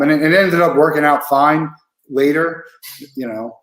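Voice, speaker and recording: A man's voice: on the high side, normal speed, a bit bright, a little hiss or hum. A man hosting an interview, talking casually with lots of fillers and restarts. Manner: conversational, many fillers and restarts. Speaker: podcast host. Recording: echoey room.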